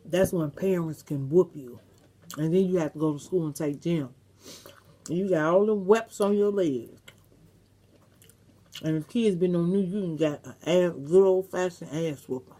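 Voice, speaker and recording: A woman's voice: on the low side, normal speed, dark tone. A middle-aged woman vlogger, chatting casually and reminiscing to her viewers, with some salty language. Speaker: mukbang vlogger.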